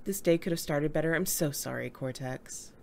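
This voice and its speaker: A woman's voice: sits low, normal speed, creaky, a little hiss or hum. A woman covering a live stream and reading the chat, drowsy and playful in her banter.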